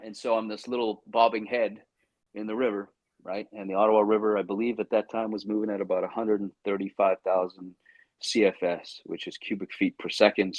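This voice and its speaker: Low-voiced man telling a lively story. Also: no echo, muffled recording. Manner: animated, acts out his own inner voice and others' lines; frequent restarts and stammers when excited. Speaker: actor guest. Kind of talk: storytelling in a chat interview.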